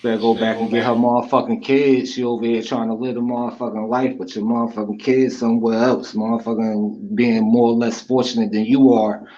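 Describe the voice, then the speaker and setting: A man's voice: medium pitch, flat delivery, brisk, hardly any pauses, dark tone. A man giving blunt, profane comments in casual commentary. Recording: dull lo-fi audio.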